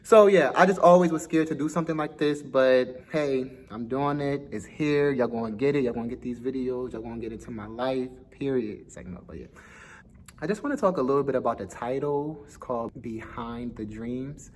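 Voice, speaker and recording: A man's voice: medium pitch, brisk, darkish tone. A young man with a slight lisp, talking casually and a bit nervously to camera in his first vlog. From Philadelphia. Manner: chatty, self-conscious, laughs easily. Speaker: vlogger, dance school owner.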